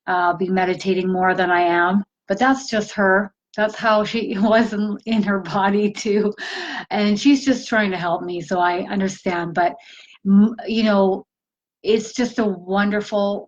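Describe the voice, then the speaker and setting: Lady medium on a live stream, slow and chatty, lots of ums, dull audio. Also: mid-range voice. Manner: slow, chatty, laughs often, many fillers. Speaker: spiritual medium. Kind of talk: casual live-stream talk.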